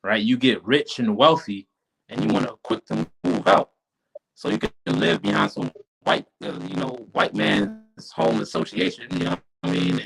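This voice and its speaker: A man's voice: fairly low pitch, moderate pace, creaky, fairly bright tone, slightly rough, poor audio. A man teaching a class casually over a live stream, informal and often checking in with his listeners.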